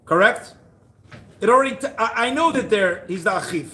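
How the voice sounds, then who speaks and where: A man teaching a Torah class at a yeshiva, asking the listeners questions, chanting Hebrew verses slowly and rising to shouts on key points. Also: sits high, very animated, reverberant.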